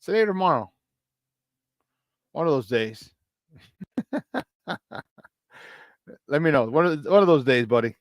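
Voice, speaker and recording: A man's voice: on the high side, expressive, a little slow, long pauses, dry recording. Hyped sports talk show host, man. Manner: hyped, shouting out chat viewers with frequent laughs.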